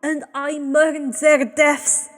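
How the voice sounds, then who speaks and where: A fierce golden-eyed man who snaps and snarls, speaking loud and pitched up high, as a woman reader puts him on. The reading has a long, ringing reverb around it. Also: little pitch movement, takes it slowly, faint music behind. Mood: defiant. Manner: snapping, forceful.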